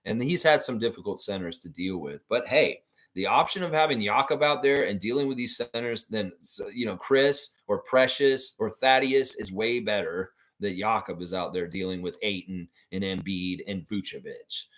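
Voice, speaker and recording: A fan channel host with a lowish voice speaks at normal speed on a livestream. He rants animatedly, reads out viewer comments, swears casually and addresses his audience directly.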